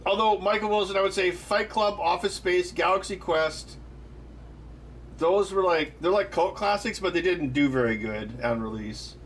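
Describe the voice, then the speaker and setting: A man's voice: high-pitched, normal speed, a bit bright, slight background noise. A man hosting a live stream, chatting casually with viewers in a rambling, loose way with lots of fillers. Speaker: livestream host. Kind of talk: casual chat answering live chat.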